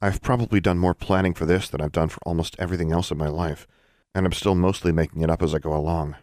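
A man's voice: deep voice, steady tone, fast talker, darkish tone, dry recording, natural voice. A man voicing a sixteen-year-old witch girl who is blunt and unsure of herself, with a wry, plainspoken manner.

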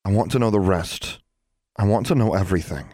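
A man's voice: fairly low pitch, brisk, dark tone, no room sound, clean studio sound, lightly acted. A man voicing a fierce, determined young girl who talks bluntly and defiantly. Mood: resolute.

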